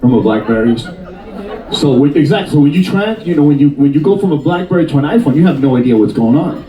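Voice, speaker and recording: A man in his fifties doing stand-up comedy and crowd work, teasing the audience in an animated, jokey way. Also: a little high, quick pace, roomy sound, recorded from a distance, poor audio. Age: 50s. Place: cruise ship theater.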